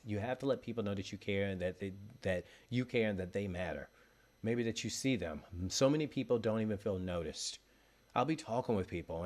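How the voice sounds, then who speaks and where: Earnest man giving a pep talk. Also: on the low side. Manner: earnest, encouraging, speaks straight to the listener. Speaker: motivational speaker. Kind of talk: motivational monologue.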